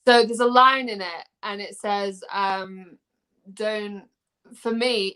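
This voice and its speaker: A woman's voice: mid-range voice, fairly even intonation, measured pace, a bit bright, clear, resonant tone. Chatty young English woman singer. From England. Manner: chatty, rambling with many fillers and restarts. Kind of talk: casual video chat.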